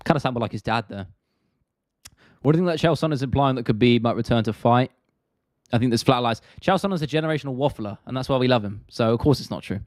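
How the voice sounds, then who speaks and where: A man's voice: mid-range voice, quick pace, no echo, clean studio sound. A man with a South London accent hosting an MMA live stream, chatting casually and bluntly while reading viewer comments. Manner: chatty, blunt, swears freely, drops T's.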